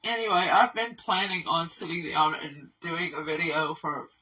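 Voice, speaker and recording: A woman's voice: fairly low pitch, fairly even intonation, normal speed, bright, forceful tone, distant mic, rough recording. A middle-aged woman who runs an animal rescue, talking in a casual video update, emotional and rambling, poking fun at herself. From Kentucky. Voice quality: gravelly, husky. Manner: emotional, tearful, rambling and self-deprecating.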